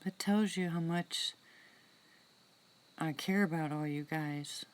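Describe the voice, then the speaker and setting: A woman hosting a casual live-stream chat with viewers from outdoors in the woods at night. She talks softly into a phone, often slipping into whispers, chatty and heartfelt. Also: low-pitched, slow. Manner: soft-spoken, drops into whispers, chatty and heartfelt.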